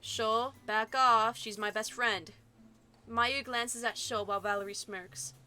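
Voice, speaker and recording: A young woman streamer reading a game's story aloud, bubbly and excitable with gushing asides. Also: fairly high pitch, takes it slowly, a little hiss or hum. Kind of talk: reading a visual novel aloud with commentary.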